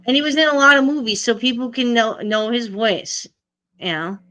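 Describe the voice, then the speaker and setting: A woman's voice: on the high side, normal speed, a bit bright. A middle-aged woman hosting a casual live stream, chatting and answering viewers' comments.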